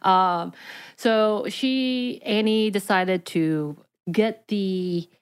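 A woman co-hosting a podcast, telling a story in casual chat with animated energy. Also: medium pitch, extremely slow, clear, resonant tone. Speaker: podcast co-host.

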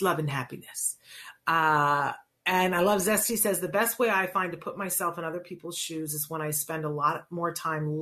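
A woman's voice: deep voice, sharp tone. A middle-aged woman hosting a talk show, chatting earnestly with lots of fillers and restarts as she reads listener messages. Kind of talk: casual talk show monologue.

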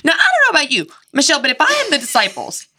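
A woman's voice: high-pitched, huge pitch swings, very fast, pushed and bright, no echo, clean studio sound. A woman in her thirties, a guest on a faith podcast, telling a story with passion and acting out inner voices. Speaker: guest author and speaker.

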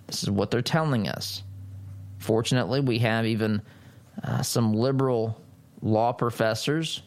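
A man hosting a political talk show, giving an emphatic, sarcastic commentary monologue and speaking straight to his listeners. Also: medium pitch.

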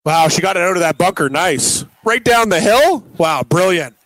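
A man's voice: sits high, expressive, moderate pace, a bit bright, dry recording, rough recording. A man co-hosting a casual sports talk show, reacting with enthusiasm and telling his own story. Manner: enthusiastic reactions, easily moved. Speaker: sports radio co-host.

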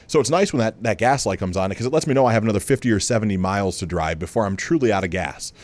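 A man's voice: fairly low pitch, no echo. Guy telling a story on his podcast, chatty, lots of restarts, dead dry room. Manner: conversational, with frequent restarts and asides. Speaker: podcast host. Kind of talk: storytelling monologue.

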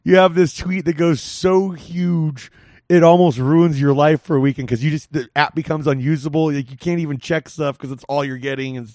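A man's voice: fairly high pitch, fairly even intonation, moderate pace, a little mellow, no room sound, clean studio sound. A man in his forties hosting a podcast, chatting casually, laughing often and trailing off mid-sentence. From California. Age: 40s. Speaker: podcast host.

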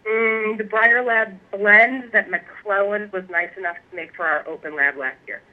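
A woman guest telling stories in a casual interview, animated and laughing often. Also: medium pitch, measured pace. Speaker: guest, pipe maker. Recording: tinny phone line.

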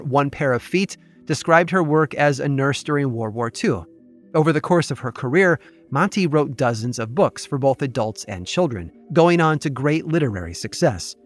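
A man, the host of a podcast, telling a true story in scripted narration with a measured, wry delivery. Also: a little high. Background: soft background music.

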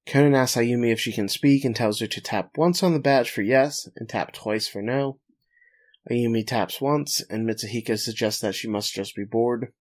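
Podcast host, male, mid-pitched, summarizes the plot with a laugh now and then. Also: normal speed. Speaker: podcast host recapping an anime episode. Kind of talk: casual recap chat.

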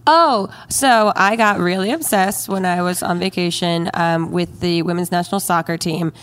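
A woman's voice: lowish voice, fairly bright tone, clean tone. A woman, a comedian guest, chatting casually with a loose, rambling delivery. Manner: chatty, full of fillers and quick laughs. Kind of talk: casual chat.

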